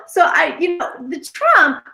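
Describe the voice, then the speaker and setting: A woman's voice: very high voice, gravelly, pushed and bright, low-quality recording. A woman psychic vlogger chatting casually and rambling to her viewers, swearing freely.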